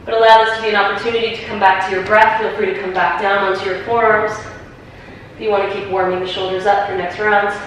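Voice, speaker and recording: A woman teaching a yoga class, calmly cueing each breath and pose step by step, a little out of breath. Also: medium pitch, fast talker, very echoey, far from the mic, a little hiss or hum, low-quality recording. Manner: calm, encouraging step-by-step cueing. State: slightly out of breath. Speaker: yoga instructor. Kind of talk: guided yoga class cues.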